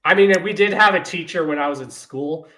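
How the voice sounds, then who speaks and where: Here the man's voice sits on the high side and moves a little fast. Hosting a casual podcast chat, he spins lively stories, performing the quotes himself and breaking into frequent laughter.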